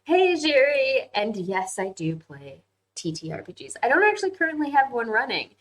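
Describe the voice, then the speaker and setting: A woman's voice: medium pitch, big pitch swings, brisk, a bit bright, low-quality recording. A young woman hosting a casual livestream chat and reading viewer comments, talking freely, laughing easily and often saying "like". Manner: chatty, frequent "like" fillers, laughs easily.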